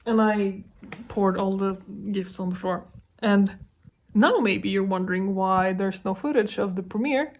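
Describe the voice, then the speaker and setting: A woman vlogger telling a story casually to the camera from a studio, animated and laughing often as she talks. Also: mid-range voice, unhurried, background noise.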